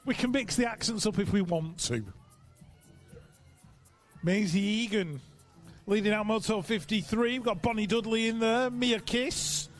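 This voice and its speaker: A man's voice: sits high, soft background music. A man announcing live races, reeling off rider names and adding chatty asides between calls. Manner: brisk, reels off rider names. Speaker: race announcer. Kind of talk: live sports commentary. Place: outdoor race track.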